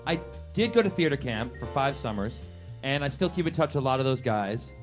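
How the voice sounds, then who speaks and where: Animated man telling a wild story on stage. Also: mid-range voice, a little fast, faint music behind. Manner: animated, acts out quotes in big voices. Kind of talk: comedic true-story monologue. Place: live comedy stage.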